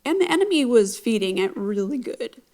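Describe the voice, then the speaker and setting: A middle-aged woman recounting a hard time in her marriage, halting and reflective, with many pauses. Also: on the high side, very animated, a little mellow. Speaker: conference guest speaker. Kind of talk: personal testimony.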